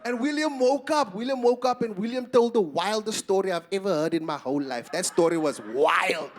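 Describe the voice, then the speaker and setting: A young man from the Eastern Cape doing stand-up comedy in a South African Afrikaans-influenced English accent, with a loud, punchy delivery and asides to the crowd. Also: sits high, brisk. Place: comedy festival stage before a live audience. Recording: live audience crowd noise.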